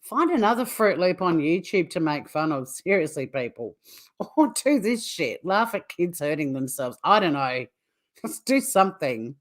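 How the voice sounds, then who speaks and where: Female streamer, slightly low voice, laughs helplessly between blunt, sweary remarks to her viewers. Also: big pitch swings, moderate pace. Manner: giggly, breaks into helpless laughter. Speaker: true crime YouTube host. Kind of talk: casual livestream chat.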